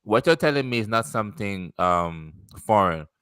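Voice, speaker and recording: Podcast host, man, slangy joker, animated and bright. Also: fairly low pitch, normal speed, clear, resonant tone, no echo. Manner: joking, laughs a lot, slangy. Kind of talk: casual podcast chat.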